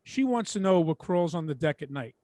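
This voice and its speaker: A man's voice: on the high side, animated, brisk, dark tone, dry recording, studio quality. A middle-aged man with a New York accent co-hosting a podcast, telling wry, laid-back stories. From Brooklyn, New York. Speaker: podcast co-host. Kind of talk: casual chat.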